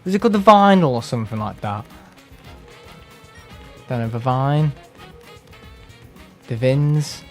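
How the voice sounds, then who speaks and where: A man's voice: medium pitch, very animated, a little slow, long pauses, a little mellow, soft background music. A man chatting casually on a live game stream, rambling and sarcastic and mimicking other people in put-on voices. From England. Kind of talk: casual live-stream chat while playing.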